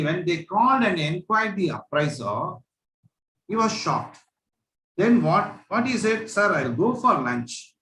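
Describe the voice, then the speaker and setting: A man's voice: high voice, fairly bright tone. A man with an Indian English accent, a chartered accountant giving a seminar talk to students, sternly telling audit stories. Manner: stern, admonishing storyteller. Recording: echoey hall.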